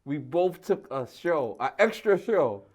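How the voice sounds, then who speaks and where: Excitable high-pitched man from Queens. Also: unhurried. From Queens, New York. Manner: excitable, laughs often, emotional. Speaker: guest. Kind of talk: casual interview chat.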